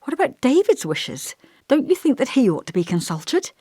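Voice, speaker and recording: A woman's voice: sits high, very animated, normal speed, dark tone, no room sound, studio quality, voice pushed up. A woman reading the part of an earnest young woman in an audiobook, speaking tentatively and coaxingly.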